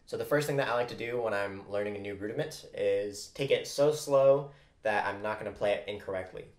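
A man's voice: on the low side, brisk. A man teaching a percussion lesson, patiently explaining flam rudiments and counting off stickings aloud. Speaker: percussion instructor. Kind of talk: instructional drum lesson. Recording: echoey room with loud drumming.

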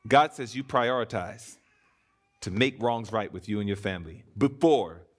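A man preaching a sermon in church, swinging between emphatic declarations and hushed, earnest appeals. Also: fairly low pitch, expressive, normal speed.

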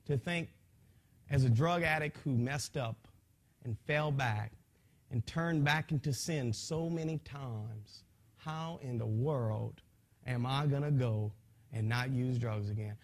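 A man telling his testimony to a church gathering, swinging from hushed lines to shouting, repeating phrases, speaking in a folksy way. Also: a little high, animated, a little slow.

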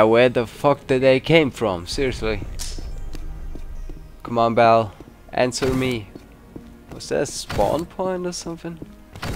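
A man whose first language is not English, hosting a gameplay video with excitable, swear-filled commentary. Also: mid-range voice. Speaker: let's play host. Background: game music and gunfire.

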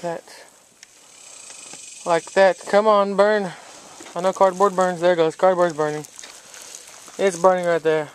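A man chatting loosely to a handheld camera for his vlog, his voice pitched fairly high. He rambles, circles back to the same questions and leans on "y'all". A faint hiss of noise sits under the recording. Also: level tone, a little slow, long pauses. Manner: rambling, repeats himself, says y'all. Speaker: vlogger. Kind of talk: casual vlog chat. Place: outdoors in hot weather.

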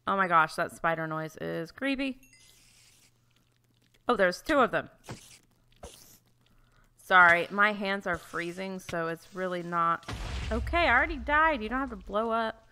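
A woman's voice: mid-range voice, expressive, normal speed, pauses often, sharp tone, a little hiss or hum. A woman hosting a let's-play, chatting casually through her gameplay, easily flustered and full of exclamations and restarts.

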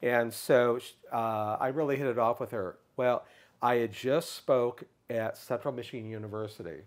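A middle-aged man speaks at an ordinary, middle pitch while telling a long story in a relaxed interview. He is animated and lively, and now and then lifts his voice to act out another person's words. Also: normal speed. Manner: animated storyteller, acts out others' lines in a raised pitch. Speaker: guest speaker.

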